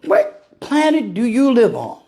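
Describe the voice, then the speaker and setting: A man's voice: very high voice, huge pitch swings, a little slow, vocal fry, mellow. A man ranting casually to camera, firing off rhetorical questions and laughing at his own jokes. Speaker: vlogger. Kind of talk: casual political rant.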